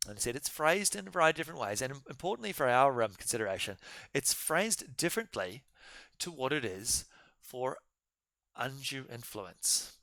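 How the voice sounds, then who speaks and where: A man lectures on business law in a relaxed, storytelling way, speaking right to his students. His voice sounds bright and forward, at a middling pitch. The sound is dry and close, with no room echo. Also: moderate pace, gravelly. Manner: chatty storytelling, addresses students directly. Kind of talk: informal live-streamed seminar lecture.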